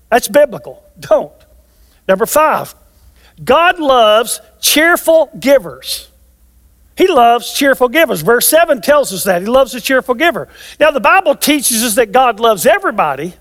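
An older man in his sixties preaches with a strikingly high voice, hammering home his points by repeating them. His words ring out with a long reverb, as if from a large hall. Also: fairly bright tone. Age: 60s. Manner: emphatic, repeats key phrases for stress. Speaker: pastor. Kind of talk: sermon.

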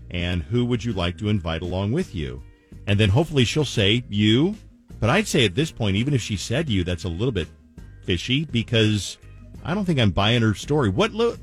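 A man's voice: fairly low pitch, brisk, faint music behind. Chatty male radio show host. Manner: energetic, chatty, acts out voices.

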